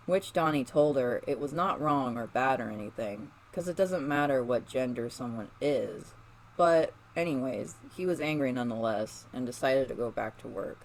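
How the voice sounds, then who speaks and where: A man's voice: medium pitch, a little hiss or hum, rough recording. A man narrating fan fiction aloud in a casual, unpolished way with fillers.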